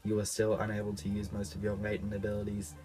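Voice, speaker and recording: A man with a cough reading lines as a blunt starship computer in a stiff, flat mock-robot delivery. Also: fairly low pitch, fast, over music, natural voice, low-quality recording. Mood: commanding. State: unwell, coughing. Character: ship's computer, blunt commanding AI.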